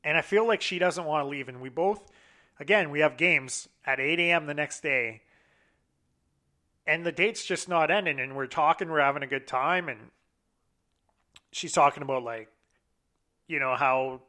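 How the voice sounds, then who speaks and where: Man, casual storyteller, bright clear tone, lively anecdote with cussing. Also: medium pitch. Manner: animated anecdote with frequent profanity and quoted dialogue.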